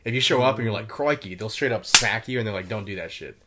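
A man's voice: on the low side, fast, heavy background noise. A young man and former Marine, chatting casually as a podcast guest, rambling through stories with lots of fillers and swearing. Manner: swears a lot, rambling storytelling with many fillers.

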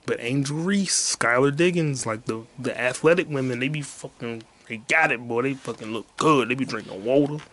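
Crude, rambling solo podcast host, male, mid-pitched, jokey. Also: normal speed, few pauses, fairly bright tone. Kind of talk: solo comedy podcast rant.

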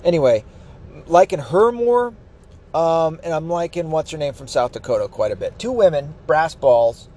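A man's voice: on the high side, expressive, normal speed, mellow. A man ranting angrily about politics, swearing constantly. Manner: angry, profane, ranting. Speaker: political commentator. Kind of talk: profane political rant.

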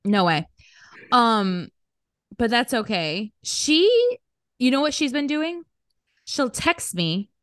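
A woman's voice: fairly high pitch, lively intonation, slow pace, pauses often, a bit bright, no room sound, studio quality. A young woman co-hosting a casual podcast chat, chatty and laughing easily with slangy talk. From upstate New York. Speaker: podcast co-host.

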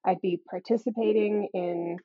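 A woman math professor speaks candidly in an interview, earnest with a wry edge and quick laughs. Her voice is a bit husky, and the recording sounds muffled and lo-fi. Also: mid-range voice, steady tone. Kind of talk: conversational interview.

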